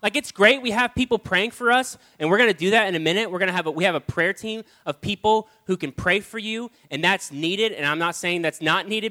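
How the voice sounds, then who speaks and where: Male preacher, sermon storytelling, bright, slightly high voice, animated delivery. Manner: animated, storytelling, acts out his own lines.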